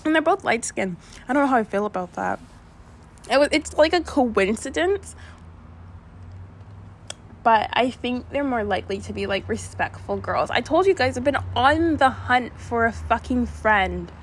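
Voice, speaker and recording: A young woman with a slightly high voice talks to her viewers in a loose, rambling storytime. She drifts into side stories and restarts her sentences. A faint background noise sits under the recording. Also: expressive, normal speed. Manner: chatty, rambling, frequent asides and restarts. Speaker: vlogger. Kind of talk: casual storytime chat.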